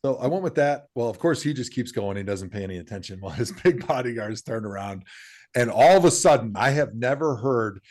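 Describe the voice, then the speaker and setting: Brief: male co-host, mid-range voice, lively anecdote teller who acts out the quotes. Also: mid-range voice, brisk. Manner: animated storyteller, swings his voice up for quoted lines. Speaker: podcast co-host. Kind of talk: casual storytelling.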